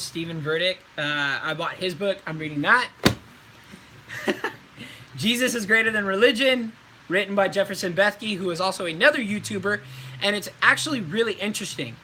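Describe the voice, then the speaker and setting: Bright, high-voiced young man chatting. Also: a little hiss or hum, poor audio. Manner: laid-back and chatty, with slangy asides. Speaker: voice actor and live streamer. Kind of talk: casual live stream Q&A.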